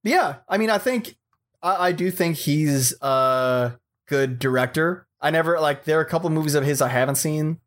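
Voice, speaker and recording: A man co-hosting a casual film discussion who weighs his opinions in a measured way. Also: fairly high pitch.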